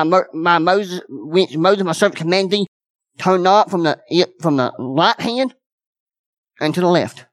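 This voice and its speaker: A man's voice: high voice, no echo. A man preaching a sermon as pastor, folksy and repetitive, with many restarts.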